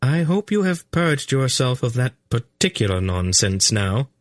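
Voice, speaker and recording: A man voicing a calm, commanding sorceress who speaks crisply and with motherly authority, in an audiobook reading. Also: medium pitch, no room sound, clean studio sound, pitched above the performer's own voice. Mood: dry, firm. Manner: crisp, brisk, gently condescending. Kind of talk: audiobook character voice.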